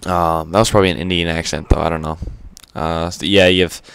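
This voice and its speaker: Deep, smooth-voiced man rambling commentary. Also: flat delivery, a little fast, fairly bright tone. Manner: rambling, stuttery, frequent fillers; casual, offhand swearing. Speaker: gaming commentator. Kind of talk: unscripted gameplay commentary.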